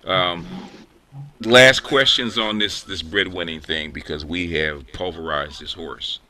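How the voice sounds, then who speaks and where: A man hosting a casual online group discussion, talking in halting bursts with many restarts. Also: deep voice, pushed and bright. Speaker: host of an online group call.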